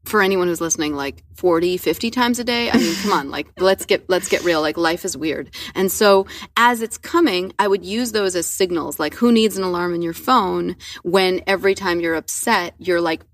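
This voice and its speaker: A woman's voice: on the low side, moderate pace, few pauses, no room sound, distant mic. Candid, profane woman, a bit off-mic. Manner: profane, animated, acts out inner voices. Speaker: guest author. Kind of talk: candid casual conversation.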